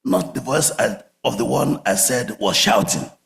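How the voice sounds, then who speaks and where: A man preaching a sermon, telling stories with big swings from loud outbursts to quiet murmurs. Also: mid-range voice, moderate pace, creaky. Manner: animated storytelling, swings from shouts to murmurs. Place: church sanctuary. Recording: echoey church hall.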